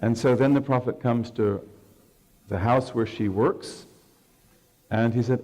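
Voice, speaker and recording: A man's voice: medium pitch, expressive, moderate pace, pauses often, dark tone, low-quality recording. A man giving a religious lecture, telling a story, acting out the quoted lines and asking his listeners questions. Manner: storyteller who acts out quotes and asks the audience questions. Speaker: Islamic scholar lecturing.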